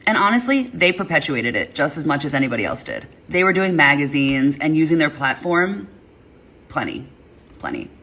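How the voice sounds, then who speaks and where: A woman's voice: low-pitched, lively intonation, fairly quick, few pauses, fairly bright tone. A woman giving her opinions in a casual video, emphatic and indignant.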